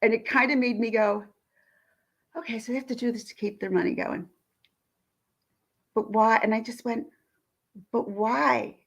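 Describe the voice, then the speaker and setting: A woman's voice: on the high side, fairly even intonation, moderate pace, pauses often. A woman vlogger, indignantly retelling a phone call in a ranting commentary.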